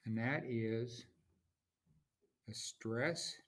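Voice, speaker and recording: A man teaching a lecture on poetry, speaking haltingly with frequent pauses and restarts, sometimes tapping out rhythms aloud. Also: medium pitch. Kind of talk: classroom lecture.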